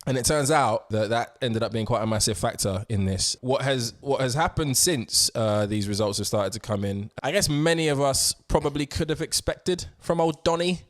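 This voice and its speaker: A man co-hosting a podcast in a room, in casual, relaxed chat with many hesitations and casual swearing. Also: medium pitch, moderate pace, few pauses, no room sound, clean studio sound. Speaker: podcast co-host. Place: indoor room.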